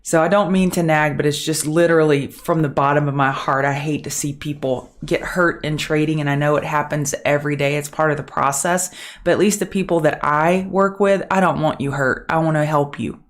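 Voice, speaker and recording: A woman's voice: low-pitched, steady tone, brisk. Chatty woman greeting viewers. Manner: kept softer to avoid being loud. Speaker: trading show host. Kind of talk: live-stream market chat.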